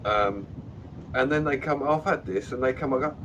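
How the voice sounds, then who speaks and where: A man's voice: medium pitch, normal speed, a bit bright, lo-fi sound, a little hiss or hum. A man hosting a casual livestream, greeting viewers and chatting with plenty of swearing. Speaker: livestream host.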